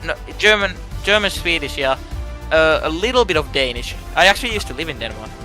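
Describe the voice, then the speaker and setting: A Finnish-native man co-commentates a live sim race, stammering and laughing easily. His voice is rather high and bright-edged. Faint music plays underneath. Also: big pitch swings, brisk.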